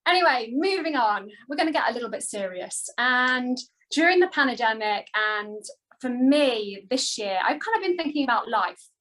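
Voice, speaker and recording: A woman's voice: on the high side, a bit bright, poor audio. A woman co-hosting a talk show, chatting with enthusiasm and talking straight to the audience. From outside the United States. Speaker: co-host. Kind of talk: casual chat.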